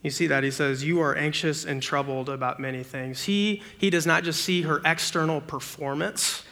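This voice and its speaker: A young preacher in campus ministry keeps his sermon loose and conversational, peppering it with fast rhetorical questions for his listeners. His voice, slightly high, bright and forceful, lifts with animation as he reenacts everyday moments.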